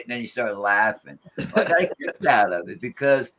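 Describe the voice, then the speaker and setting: A man in easygoing conversation who rambles and restarts his sentences, often slipping into quoted voices. His pitch sits right in the middle for a man. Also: lively intonation, normal speed, a crowd in the background. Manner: rambling, with many restarts, quoting spirits. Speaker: paranormal investigator. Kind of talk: casual chat.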